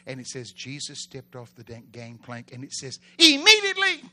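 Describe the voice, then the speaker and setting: Bright, dramatic male preacher. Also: mid-range voice, little pitch movement, normal speed, no room sound. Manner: dramatic, shifts between loud exclamations and hushed storytelling; call-and-response with congregation. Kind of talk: sermon.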